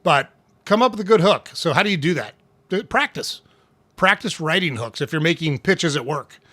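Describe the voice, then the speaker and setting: A man hosting a casual tips talk, speaking conversationally, often checking in with "right?" and clearing his throat now and then. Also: on the high side, expressive, moderate pace, sharp tone, no room sound. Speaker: host.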